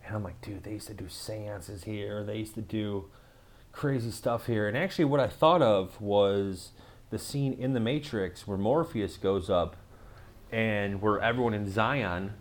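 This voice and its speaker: A man casually telling a story to camera, rambling with lots of fillers and swearing. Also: on the low side.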